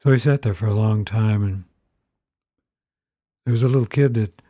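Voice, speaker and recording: A man's voice: on the low side, normal speed, mellow, no room sound, clean studio sound. A man telling a story aloud in an informal, rambling way. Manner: informal, rambling with fillers and restarts. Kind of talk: spoken storytelling.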